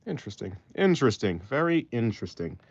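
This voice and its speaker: This art livestreamer speaks fast and very animatedly in a mid-range voice, rambling and thinking aloud to his live audience through a phone mic as he draws. No room sound comes through, but the audio is a bit dull and faint music can be heard.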